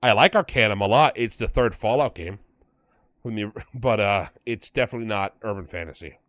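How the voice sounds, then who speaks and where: A man's voice: on the low side, a little fast, a bit bright, no echo. A man co-hosting a casual podcast, chatting in an offhand, jokey way and reading a definition aloud. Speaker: podcast co-host.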